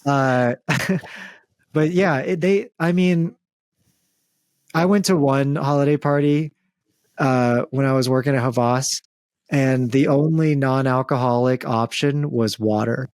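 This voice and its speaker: A young man hosting a podcast in relaxed, joking conversation. His voice sits at an ordinary middle pitch. The sound is dry and close, and his talk runs loose with fillers and the odd curse. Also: takes it slowly, no echo. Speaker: podcast host. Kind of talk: casual comedic chat.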